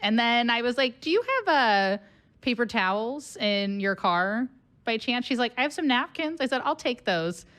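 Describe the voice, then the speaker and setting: Woman, podcast host, comedian, giggly, bouncy lively intonation, slightly high voice. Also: normal speed. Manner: giggly, laughs often between lines. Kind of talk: casual podcast chat.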